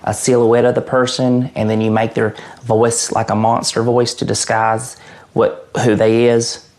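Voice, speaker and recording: A man's voice: medium pitch, completely flat delivery, a little slow, a little mellow, lightly acted, poor audio. An actor playing an awkward, earnest adult man who stammers through a mock interview as someone's twin brother. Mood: uneasy. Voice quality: creaky. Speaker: interview guest.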